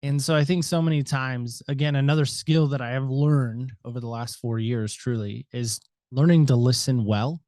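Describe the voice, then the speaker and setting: Talkative man guest, reflective, mid-pitched, dry close sound. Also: fairly even intonation, moderate pace, few pauses, no echo. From United States. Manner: talkative, reflective, varies loudness a lot. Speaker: podcast guest. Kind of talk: reflective interview talk.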